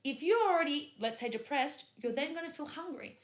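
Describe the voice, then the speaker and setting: A woman's voice: high voice, lively intonation, a little fast, roomy sound. A woman hosting a podcast in casual chat, often jumping in to finish her guest's sentences. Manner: jumps in to finish the other's sentences. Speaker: podcast host.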